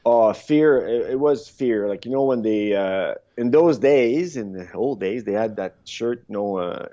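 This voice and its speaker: A man in his fifties, a podcast guest, telling rambling, animated stories in a casual interview, with frequent restarts. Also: fairly low pitch, unhurried. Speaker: podcast guest, former luge athlete. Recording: dull lo-fi sound.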